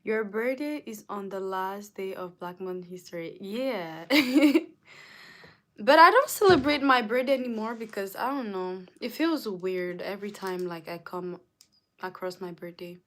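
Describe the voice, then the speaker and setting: A woman's voice: mid-range voice, measured pace. A young woman from Africa chatting casually on a livestream, reading viewer comments aloud and answering them, with lots of "like". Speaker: livestream host.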